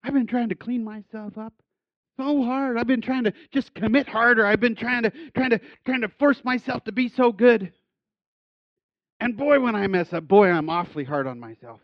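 A man with a high voice preaches in a relaxed, conversational way, full of restarts and self-deprecating asides. His delivery is eager and enthusiastic. The recording is dry and a bit dull, with no room sound. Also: normal speed, no echo. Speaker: pastor. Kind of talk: sermon.

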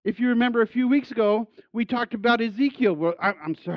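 A man with a high voice preaches in a relaxed, conversational way, full of restarts and self-deprecating asides. His delivery is eager and enthusiastic. The recording is dry and a bit dull, with no room sound. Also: quick pace, few pauses, no room sound. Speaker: pastor. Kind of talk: sermon.

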